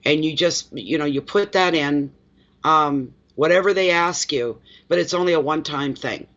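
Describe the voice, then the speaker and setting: A man's voice: on the high side, moderate pace, a bit bright. Chatty man on dull lo-fi audio. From eastern Canada. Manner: chatty, rambling, laughs easily. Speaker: tarot reader hosting a livestream. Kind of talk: casual livestream chat with viewers.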